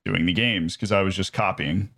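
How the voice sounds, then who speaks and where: Man, put-on English accent, lowish voice, rambling casual chat. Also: moderate pace, gravelly, fairly bright tone. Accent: English-style commentator accent, put on by an American. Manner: chatty, rambling, frequent restarts and fillers. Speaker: guest, streamer and sports commentator.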